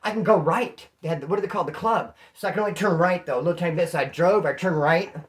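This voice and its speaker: A man from California telling a story casually, animated and slangy, acting out what people said. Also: high voice, fast. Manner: animated, slangy, acts out quotes.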